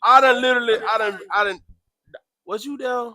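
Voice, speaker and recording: A man chatting casually, telling a story with animated, loud acted-out quotes. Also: brisk, dry recording, clean studio sound. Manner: animated, acts out quotes with sudden loud jumps in pitch. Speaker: podcast host.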